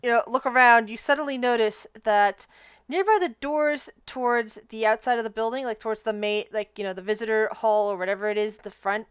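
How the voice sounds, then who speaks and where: Rambling woman game master, smooth voice. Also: on the high side, brisk, dry recording. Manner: rambling, filler-heavy. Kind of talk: narrating a tabletop game.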